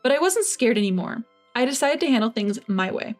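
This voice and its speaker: A woman narrating a first-person family story in an even, measured way. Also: fairly high pitch, soft background music.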